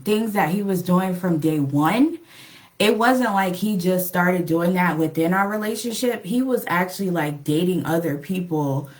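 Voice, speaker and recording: Young adult woman, low-ish voice, unhurried, chatty storyteller with lots of fillers. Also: a little mellow. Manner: chatty, lots of "like" and "um", acts out quoted lines. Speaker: relationship vlogger. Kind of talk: casual storytelling to camera.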